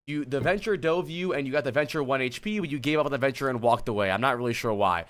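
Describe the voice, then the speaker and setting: A man's voice: medium pitch, quick pace, a bit bright. A man coaching a player on a live stream, blunt, exasperated and profane, turning to chat as he lectures. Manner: talks to chat while lecturing a student. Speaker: streamer coach reviewing gameplay.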